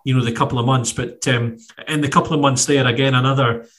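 A man's voice: mid-range voice, fairly even intonation, quick pace, fairly bright tone. Scottish man, host, hesitant, filler-heavy questions. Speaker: podcast host. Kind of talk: casual interview.

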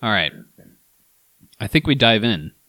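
Lively lower-voiced man, dry humor. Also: no echo. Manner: dry joking, deliberate. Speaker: co-host of a wine tasting show. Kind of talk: casual chat.

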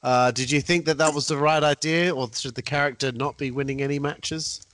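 A man's voice: fairly high pitch, steady tone, a little fast, fairly bright tone, no echo. A man interviewing a guest, mostly giving short reactions and asking plain questions. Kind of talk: casual interview.

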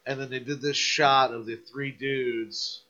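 A man's voice: medium pitch, level tone, a little slow, bright, forceful tone. A man hosting a podcast, chatting casually and reacting with easygoing remarks. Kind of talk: casual chat. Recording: muffled lo-fi podcast audio.

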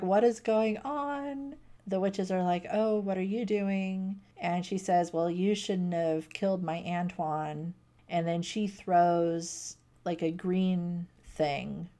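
A woman in casual chat, recapping a book plot in a lively way and quoting characters as she goes. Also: on the low side. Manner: animated retelling with acted quotes and laughs. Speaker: podcast co-host recapping a book.

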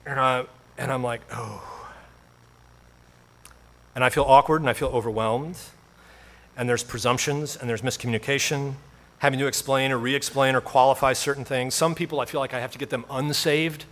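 A man's voice: medium pitch, steady tone, brisk, a bit bright. A male pastor preaching a sermon in a conversational storytelling way, with self-deprecating humor.

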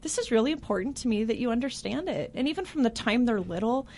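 A woman with a slightly high voice, speaking as a guest on a talk show. She explains her points earnestly and in detail, and often affirms the host. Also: expressive, quick pace, a little mellow, slight background noise. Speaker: guest, parenting blogger.

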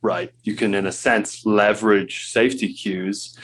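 A man's voice: fairly low pitch, steady tone, a little slow, a bit bright. A man hosting a podcast interview, adding his own reflections in a thoughtful way. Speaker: podcast host. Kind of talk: interview conversation.

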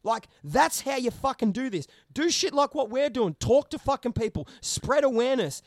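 A man's voice: very high-pitched, animated, normal speed, dry recording. A man ranting heatedly in a casual chat, swearing constantly and getting worked up. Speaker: podcast co-host.

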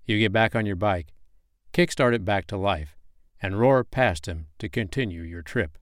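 A man narrates a second-person story in a low, even voice. His telling is matter-of-fact and unhurried. The sound is close and dry, with no room echo.

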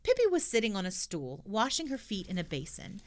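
A woman reading a children's storybook aloud with an expressive delivery. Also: medium pitch, brisk.

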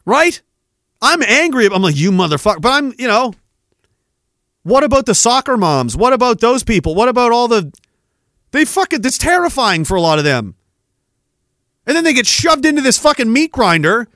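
A man's voice: very high voice, big pitch swings, moderate pace, long pauses, a bit bright, dry recording, clean studio sound. A man hosting a podcast, delivering a heated, profane rant full of emphatic repetition. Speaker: podcast host. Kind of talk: angry political rant.

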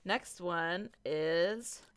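Blunt lower-voiced woman joking crudely. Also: drawn-out words, over a noisy crowd. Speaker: podcast co-host. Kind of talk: casual chat.

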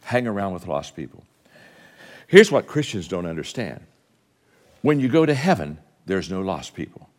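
A man preaching a sermon, telling stories with quoted dialogue, rising to fervent exhortation and closing in soft prayer. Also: sing-song, normal speed, long pauses. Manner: impassioned, climbing high and loud when exhorting. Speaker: guest preacher.

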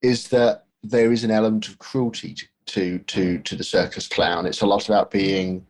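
Husky man chatting about films. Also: fairly low pitch, steady tone, normal speed, darkish tone. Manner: hesitant, many restarts and fillers. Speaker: podcast co-host. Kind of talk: casual film discussion.

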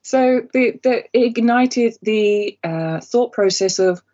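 A woman hosting a podcast in casual chat, chatty and a little nervous, often pausing on fillers. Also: fairly high pitch, dark tone, muffled recording. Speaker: podcast host.

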